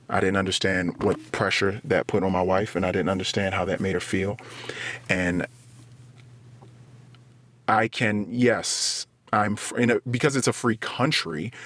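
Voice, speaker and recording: A man's voice: deep voice, fairly bright tone, no room sound. A man hosting a podcast, talking earnestly on his own, blaming himself and working through long everyday analogies. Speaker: podcast host. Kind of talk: solo reflective monologue.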